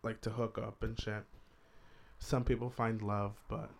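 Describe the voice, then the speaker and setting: A man's voice: lowish voice, little pitch movement, a little slow, creaky, slight background noise. A young man telling a story in a casual vlog, blunt and crude, with jokes.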